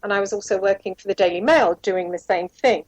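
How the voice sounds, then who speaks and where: A woman's voice: mid-range voice, brisk, a little mellow, dry recording, rough recording. A woman being interviewed, candidly telling a rambling personal story with asides and quoted dialogue. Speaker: interview guest, former private investigator.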